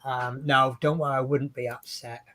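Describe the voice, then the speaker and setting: A man's voice: mid-range voice, little pitch movement, moderate pace, pushed and bright, slight background noise. A man with an English accent co-hosting a casual livestream chat, rambling and chatty and often breaking off mid-sentence. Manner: rambling, chatty, self-interrupting. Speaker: co-host.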